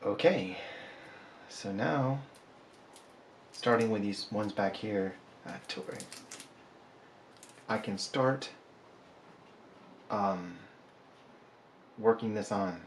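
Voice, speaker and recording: A man's voice: fairly low pitch, very slow, pauses often, slight background noise. A man, a polymer clay artist chatting casually and joking about himself while he sculpts. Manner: rambling, joking, self-deprecating. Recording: echoey room, faint ambience.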